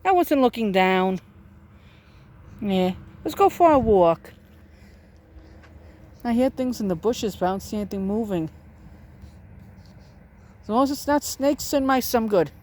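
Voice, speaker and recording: A woman's voice: fairly high pitch, expressive, a little slow, long pauses, a little mellow. A woman vlogging outdoors in a pasture, chatting to cows and donkeys in a coaxing, baby-talk way while filming on a handheld camera. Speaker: vlogger filming farm animals.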